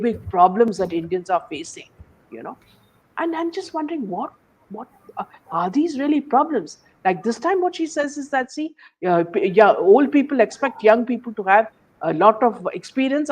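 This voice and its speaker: A woman's voice: on the high side, a little mellow. Woman host with scornful rambling commentary. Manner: scornful, rambling, peppered with "you know". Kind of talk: opinionated commentary chat.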